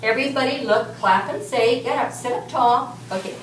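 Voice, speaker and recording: A woman teaching a class of young children, speaking slowly and patiently as she leads clapping and rhythm chants. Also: on the high side. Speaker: music teacher. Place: elementary school classroom. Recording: echoey classroom from far off, noisy.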